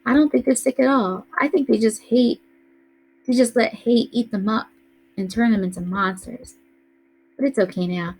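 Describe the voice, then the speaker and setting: A woman's voice: fairly high pitch, normal speed, a little mellow, slightly rough, voice pushed up, poor audio. A woman reading aloud voices a tough, bossy teenage older brother who scolds in a streetwise way. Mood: consoling.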